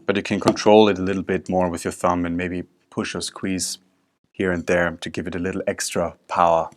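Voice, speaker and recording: Guy teaching drum technique, kinda low voice, talks you through each move. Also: level tone, fairly quick. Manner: explains step by step while demonstrating on drums. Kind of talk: instructional video lesson. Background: drum strokes and music.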